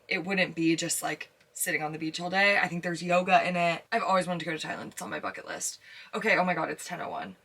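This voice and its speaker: A young woman vlogging casually to camera from inside her camper van, chatty and excitable, full of filler words. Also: fairly low pitch. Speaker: vanlife vlogger. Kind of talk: casual vlog talk to camera.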